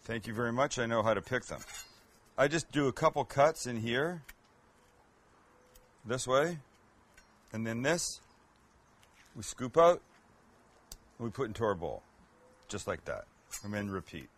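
A man's voice: mid-range voice, big pitch swings, a little slow, pauses often, fairly bright tone, breathy edge. A man hosting a cooking show, chatting casually and joking with self-mocking asides as he cooks. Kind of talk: casual cooking demo chat.

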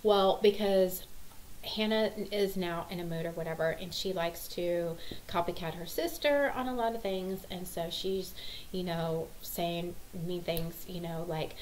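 Exasperated mom telling a story. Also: female voice, medium pitch, unhurried, a little hiss or hum, low-quality recording. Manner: exasperated, rambling, acts out quotes. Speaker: mother vlogger. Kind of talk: casual storytelling vlog.

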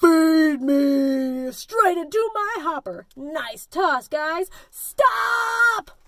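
A woman reading a picture book aloud and voicing a boastful, hungry garbage truck that talks in bold, drawn-out lines. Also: very high-pitched, animated, fairly bright tone, full character voice. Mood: boastful, gleeful.

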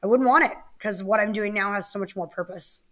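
A woman's voice: mid-range voice, brisk. Woman, podcast guest, bubbly, candid, laughs often. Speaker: guest, activist and author. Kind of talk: casual interview talk.

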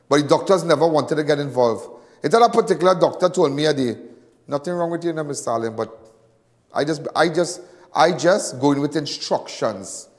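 Emphatic Trinidadian man, reverberant room. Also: on the high side. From Trinidad and Tobago. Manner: emphatic, repetitive, swinging between loud and hushed. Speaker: host. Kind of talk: impassioned monologue to viewers.

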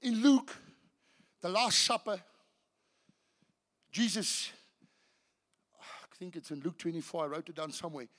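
A man preaching a sermon as pastor, swinging between hushed and shouted passages, often restarting his sentences. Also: high voice, animated, measured pace, pauses often. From South Africa. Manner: restarts and repeats words mid-sentence. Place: church.

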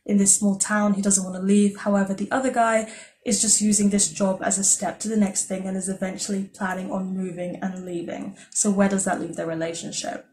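A woman records a casual book wrap-up vlog in an easygoing, conversational way. Her voice sits in an ordinary middle pitch. She talks with enthusiasm and scatters filler words through her sentences. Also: a little mellow. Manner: chatty and enthusiastic, with frequent "like" fillers. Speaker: book reviewer.

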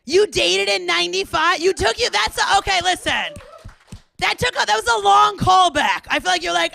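A woman in her thirties hosting a live club show, loud and excitable, often laughing and chatting with the crowd. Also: very high voice, normal speed, gravelly, dry recording. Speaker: comedian host. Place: small club, indoors.

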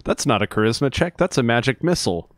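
A man narrating a tabletop game as game master, pausing often with fillers. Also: medium pitch, big pitch swings. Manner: hesitant, many fillers.

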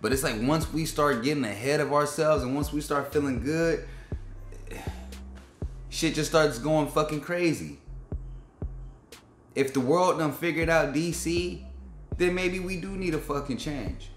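A man's voice: fairly high pitch, a little slow, long pauses, faint music behind. A man hosting a sports fan channel, giving a frustrated, profane, slang-heavy rant reacting to his team's game. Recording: echoey room with faint background beat.

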